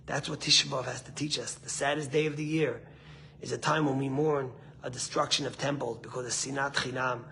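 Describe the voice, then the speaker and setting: A man giving a short, earnest sermon as a rabbi, rising to passionate peaks and falling soft, with Hebrew words mixed in. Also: mid-range voice, steady tone, a little fast, gravelly, slight background noise.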